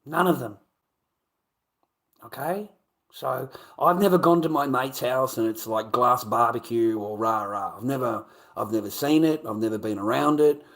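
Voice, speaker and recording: A man streaming live, rambling through a story with heavy swearing and animated bursts. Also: medium pitch, normal speed. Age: adult. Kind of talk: casual livestream storytelling.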